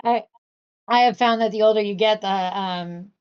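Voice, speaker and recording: Female podcast co-host, chatty, mid pitch, slightly muffled sound. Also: steady tone, moderate pace, smooth. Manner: chatty storyteller, many fillers. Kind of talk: casual chat.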